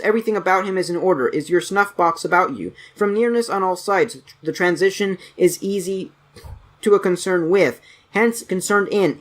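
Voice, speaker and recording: Man, somewhat high voice, reading dictionary entries, brisk, occasional stumbles and self-corrections. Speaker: channel host reading aloud.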